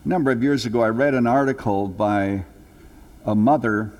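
An older man preaching a sermon to his congregation, telling stories earnestly, rising for emphasis and then dropping low and slow. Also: darkish tone. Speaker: pastor. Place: church sanctuary. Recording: long hall reverb.

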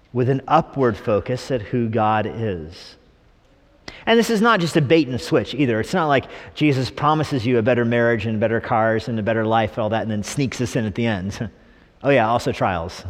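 A middle-aged man preaches from the front of a church sanctuary, mixing scripture with wry, animated humor and quick put-on voices. His voice sits at an ordinary pitch for a man. The sound carries a long reverb from the hall around him. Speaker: pastor. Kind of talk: sermon.

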